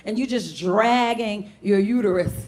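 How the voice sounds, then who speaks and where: A woman from Brooklyn doing a loud, playful stand-up comedy set on a club stage. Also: medium pitch, a little slow. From Brooklyn, New York. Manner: brash, loud and playful, slips into mocking voices.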